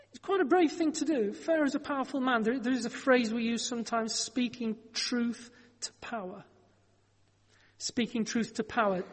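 A man's voice: very high-pitched, in a large hall. A man preaching a sermon, telling a Bible story in a conversational way with wry joking asides.

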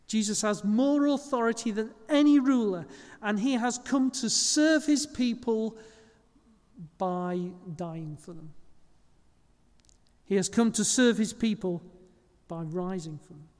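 A man's voice: sits high, slow pace, a little mellow, big-room sound. A man preaching a sermon as pastor, speaking conversationally and correcting small slips as he goes.

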